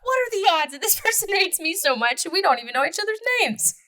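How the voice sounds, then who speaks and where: A woman in her twenties co-hosting a podcast, chatting casually, laughing often and chiming in with quick agreement. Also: very high voice, big pitch swings, bright, forceful tone. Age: 20s. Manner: laughs often, chimes in with short agreeing interjections. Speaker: podcast co-host. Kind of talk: casual chat.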